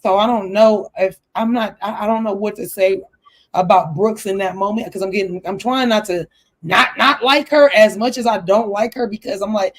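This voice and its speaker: A woman's voice: mid-range voice, moderate pace. A woman co-hosting a casual reality TV recap, talking animatedly and acting out what people said in changing voices. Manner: animated, acts out quotes in shifting voices.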